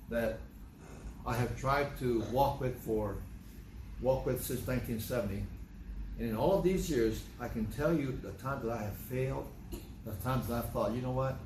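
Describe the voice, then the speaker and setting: A man's voice: a little mellow, a little hiss or hum. Older man preaching in an echoey room. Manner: conversational storytelling, acting out dialogue with pitch jumps. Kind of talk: sermon.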